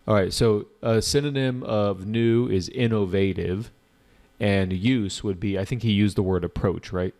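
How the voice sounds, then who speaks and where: A man with a fairly low voice runs an exam preparation lesson. He explains answers in a casual, chatty way and talks straight to his viewers. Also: unhurried, a little mellow. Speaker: IELTS teacher. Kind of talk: online exam prep lesson.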